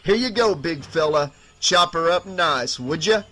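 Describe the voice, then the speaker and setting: A man's voice: a little high, lively intonation, measured pace, pushed and bright, heavily acted. A man reading an audiobook, voicing a mocking, grinning undead older brother with a sarcastic, taunting manner.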